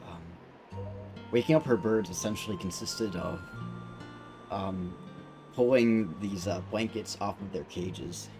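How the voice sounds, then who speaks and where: A man's voice: sits low, measured pace, pauses often, music in the background. A man streaming a video game, telling a rambling story with fillers and restarts. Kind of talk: casual let's-play chat.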